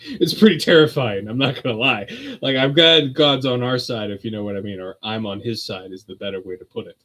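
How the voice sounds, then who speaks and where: A man's voice: mid-range voice, a little fast, fairly bright tone, low-quality recording. A man hosting a streamed religious talk, rambling through his points in a casual, conversational way and laughing often. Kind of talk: casual chat.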